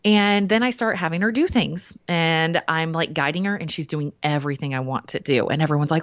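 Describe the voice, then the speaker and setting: A woman, a podcast guest, telling a personal story in a lively way and acting out what people said. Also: low voice, moderate pace, few pauses, no room sound, muffled recording. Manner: animated storyteller who acts out quotes.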